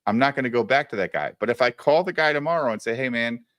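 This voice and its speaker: A man's voice: mid-range voice, very fast, no echo, studio quality. A man telling stories in a casual, profane livestream chat, acting out what others said. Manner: profane, animated storytelling with quoted voices. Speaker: podcast co-host.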